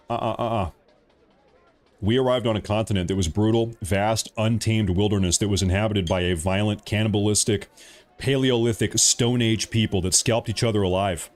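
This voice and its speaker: A man's voice: fairly low pitch, expressive, moderate pace. An American man hosting a live stream, ranting emphatically and repeating himself. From United States. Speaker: livestream host. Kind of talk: heated live-stream commentary.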